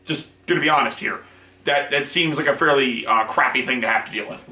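A man's voice: mid-range voice, a little fast, bright, forceful tone, a little hiss or hum. Guy rambling on about stuff, corrects himself a lot, bouncy room echo. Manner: rambling, self-correcting, frank. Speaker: channel host. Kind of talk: casual monologue. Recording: echoey room.

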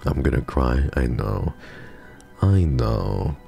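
A man's voice: rumbling low, sing-song, takes it slowly, gravelly, dark tone, faint music behind. A male streamer chatting emotionally and swearing while playing a horror game. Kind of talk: live game commentary.

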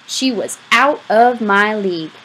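Woman reading a novel aloud, breathy husky voice, mid pitch, lively expressive narration. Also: measured pace, low-quality recording. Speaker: audiobook reader.

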